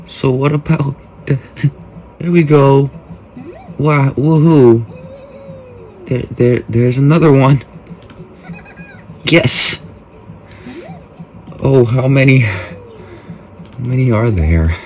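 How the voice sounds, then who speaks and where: A man's voice: medium pitch, drawn-out words, long pauses, darkish tone, slight background noise. A man casually commenting on a mobile game, joking, mock-talking to kids and often trailing off mid-sentence. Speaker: gameplay host.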